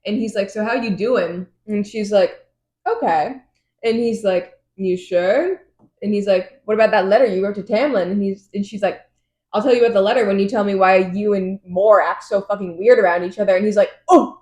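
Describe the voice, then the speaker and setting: A woman's voice: mid-range voice, a little mellow, reverberant. A woman co-hosting a podcast, casually recapping a novel's chapters with lots of laughter, slang and swearing. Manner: giggly, swearing, retelling scenes in quick voices. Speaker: podcast co-host. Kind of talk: casual book chat recap.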